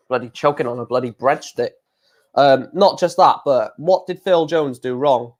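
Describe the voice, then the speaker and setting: A man's voice: mid-range voice, lively intonation, measured pace, darkish tone. A man, casually chatting on a live darts stream, reading out viewer comments in a blunt, frequently swearing way.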